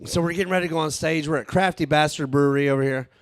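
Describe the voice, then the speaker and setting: A man, telling a profane, animated stand-up story at a live show. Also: on the high side, rapid-fire, no echo. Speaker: stand-up comedian. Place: live show with a small audience.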